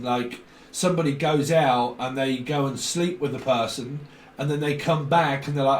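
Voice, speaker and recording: A man's voice: fairly high pitch, unhurried, a little hiss or hum. Rambling man, roomy far-off sound. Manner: free-associating, swearing, frequent fillers. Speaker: tarot reader. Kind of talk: rambling psychic reading.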